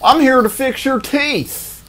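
A man's voice: very high voice, slow pace, a bit bright, voice pushed up, heavily acted. A man voicing a cheerful, overconfident male dentist with a falsely friendly, sing-song manner. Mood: chipper.

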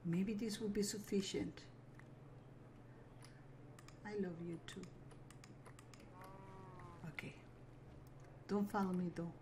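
A woman's voice: mid-range voice, steady tone, takes it slowly, pauses often, warm tone, a little hiss or hum. A woman giving casual running commentary while playing a video game, talking to herself and apologizing with little giggles. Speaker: gaming video creator. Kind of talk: casual let's play commentary.

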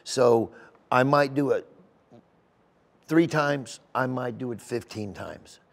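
In a medium-pitched, creaky voice, a middle-aged comedian takes it slowly while telling stories in a sit-down interview at a golf tournament venue. He's emotional and rambling, restarting many times.

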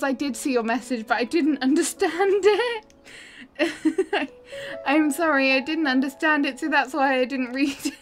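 A woman's voice: high voice, a bit bright. A woman live-streaming a cozy game, giggly and chatty as she talks to her chat.

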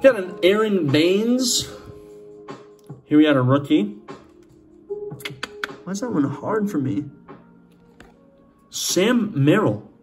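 Boston guy ripping card packs, kinda high voice, jokey and chatty, a bit of music behind. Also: lively intonation, takes it slowly, pauses often. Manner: chatty, joking, talks to viewers as folks. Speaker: sports card channel host. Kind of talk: casual pack-opening commentary.

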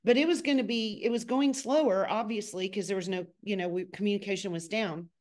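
A middle-aged woman, a choreographer, telling lively stories in a casual podcast chat, sometimes speeding up in bursts. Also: a little fast. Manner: animated, acts out quotes with a high excited voice.

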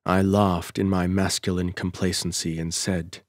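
A man narrating a first-person adventure story in a measured, deliberate way as an audiobook reader, on a close mic. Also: deep voice, little pitch movement, no room sound.

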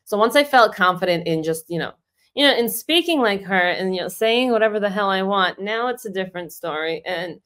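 A woman's voice: mid-range voice, expressive, a little fast, fairly bright tone. A woman comedian and impressionist chatting casually as a podcast guest, snarky and self-assured, with lots of "you know" fillers.

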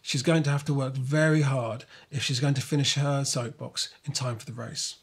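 Husky man narrating a children's story. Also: mid-range voice, moderate pace. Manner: lively, expressive storytelling.

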